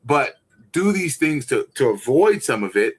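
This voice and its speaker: A man's voice: mid-range voice, sing-song, moderate pace, breathy edge. Rambling, enthusiastic male guest. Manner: rambling, enthusiastic, many restarts and "right?". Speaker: guest, gardening teacher. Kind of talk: casual livestream chat.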